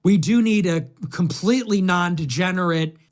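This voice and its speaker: Man doing a high-pitched, whiny young zealot, mocking parody. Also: normal speed, close to an everyday voice. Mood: smug. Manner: mocking, sing-song. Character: whiny young male far-right fan.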